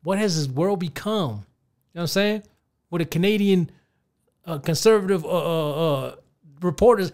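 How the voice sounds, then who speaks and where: A man in his thirties with a notably high voice, ranting on his podcast. He talks loosely and profanely, with animated swings, and keeps addressing his listeners directly. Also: normal speed. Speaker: podcast host. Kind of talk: casual ranting commentary.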